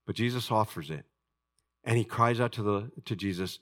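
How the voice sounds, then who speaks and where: A man preaching a sermon, swinging from loud, high outbursts to hushed, low passages and acting out the voices of people in his stories. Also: moderate pace. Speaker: pastor.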